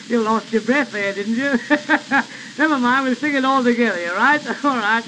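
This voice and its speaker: Slow jolly music-hall singer, man. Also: very high voice. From Australia. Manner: chuckling, jolly, breaks into laughs between lines. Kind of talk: comic music-hall song with spoken patter. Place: early London recording studio. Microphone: acoustic recording horn. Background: small band accompaniment.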